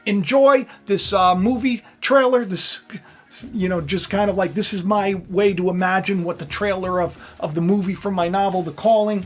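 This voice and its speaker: A hoarse, tired man preaching from scripture to his viewers, swinging from quiet, intimate talk to loud fervor. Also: high-pitched, fairly even intonation, moderate pace, soft background music. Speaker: online preacher, channel host. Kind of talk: impassioned scripture preaching to camera.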